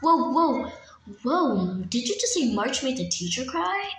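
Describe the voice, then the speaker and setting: A young woman voicing an excitable schoolgirl pet friend in a homemade toy-figure drama, recorded in a roomy space with faint noise. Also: high voice, a little slow, heavily acted. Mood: shocked.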